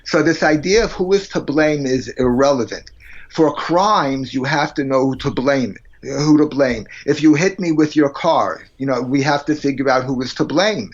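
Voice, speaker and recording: A man's voice: mid-range voice, moderate pace, lo-fi sound. A man being interviewed as a psychologist on a podcast, speaking bluntly and emphatically and arguing through plain everyday examples. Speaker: psychologist guest.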